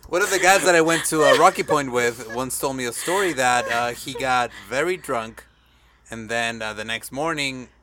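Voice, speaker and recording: A man's voice: mid-range voice, moderate pace, background noise. A man chatting with friends, telling a story and adding dry quips. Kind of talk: casual chat.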